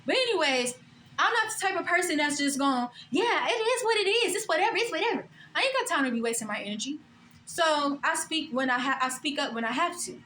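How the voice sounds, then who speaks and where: Woman, twenties, high pitch, blunt profane storytelling, casual vlog. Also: fairly bright tone, a little hiss or hum. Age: 20s. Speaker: vlogger.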